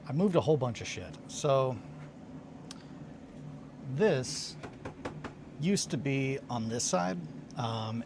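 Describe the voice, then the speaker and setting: On a noisy stream, a man with a mid-range voice sounds worn out, having just gotten up. As a hobby livestream host in his home studio and workshop, he wanders through casual storytelling for viewers, cutting himself off, starting over, and using lots of fillers.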